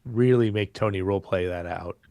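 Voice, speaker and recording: Gravelly man player at the table. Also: low-pitched, brisk, mellow, no echo, studio quality. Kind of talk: casual chat.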